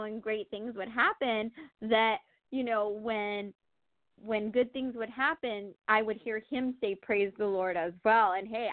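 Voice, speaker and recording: A woman chats through a personal story in an animated way. She laughs often and uses many fillers. Her voice comes over a thin, phone-like line with a dry sound. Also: fairly high pitch, dry recording. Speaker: guest sharing testimony. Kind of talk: casual testimony chat.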